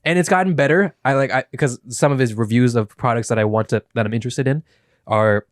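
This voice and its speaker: Into a studio mic, with headphones on, a young podcast co-host speaks at a quick clip in a medium-pitched voice with no echo. He's animated on the casual show, curses freely, and slips into mock YouTuber impressions.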